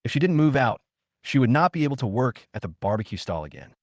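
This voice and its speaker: A man narrating a story recap in a plain, even reading. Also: mid-range voice, fast, no room sound, clean studio sound.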